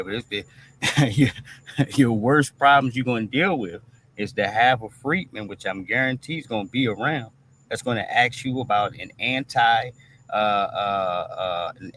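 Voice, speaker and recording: A man with a fairly low, somewhat bright voice hosts a streamed commentary monologue, with a little hiss or hum audible. He talks bluntly, swears plenty, and asks "all right?" after nearly every point.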